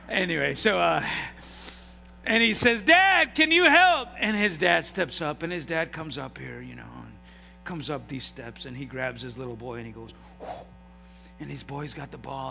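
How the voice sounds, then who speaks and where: A man preaching in a church with a bright, higher voice, acting out the people in his stories. The sound is a live recording with a long hall reverb. A faint electrical hum sits underneath. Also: vocal fry. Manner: animated storytelling with acted-out voices. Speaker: pastor. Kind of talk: sermon. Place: church sanctuary.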